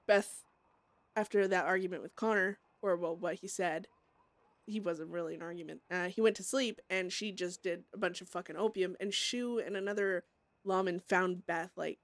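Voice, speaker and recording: A woman's voice: on the low side, vocal fry, dry recording. A young woman streamer casually recapping a roleplay scene, rambling with lots of fillers and swearing.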